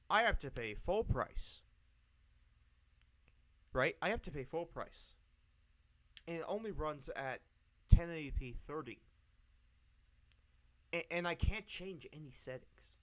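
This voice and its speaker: Man, high-pitched voice, slow delivery, profane ranting, live streamer. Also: expressive, fairly bright tone. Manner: profane, angry, repeats himself.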